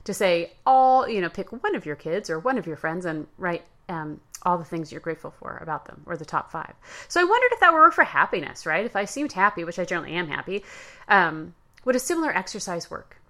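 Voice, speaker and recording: Bright-voiced woman hosting a chatty podcast. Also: lowish voice, big pitch swings, a little fast. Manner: chatty storytelling with fillers and self-corrections. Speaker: podcast host. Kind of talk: casual solo podcast monologue.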